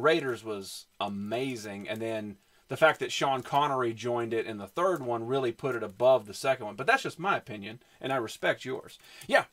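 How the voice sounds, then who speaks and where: A streamer with a Southern US accent shows off his comic collection, chatting casually on a livestream and rambling with lots of fillers as he answers his chat. His voice is medium-pitched with a fairly bright tone.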